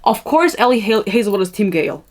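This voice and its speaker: Woman, podcast host, casual chat, animated, tangential, casual swearing, self-mocking, mid-range pitch. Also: fast talker. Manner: animated and tangential, swears freely, laughs at herself. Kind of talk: casual chatty commentary.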